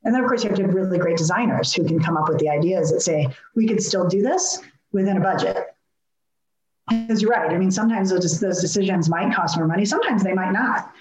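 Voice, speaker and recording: A woman's voice: fairly low pitch, fast talker, darkish tone, reverberant, poor audio. A woman speaking earnestly and reflectively in an interview, explaining her design approach with frequent restarts. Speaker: healthcare architect guest. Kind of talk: conversational interview.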